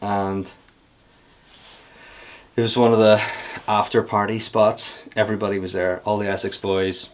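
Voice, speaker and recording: A male podcast host with a slightly low voice chats casually with his guest. He tells stories with rising excitement, breaking into laughs as he goes. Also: measured pace, pauses often. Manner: storytelling, animated when excited, with laughs. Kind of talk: casual chat.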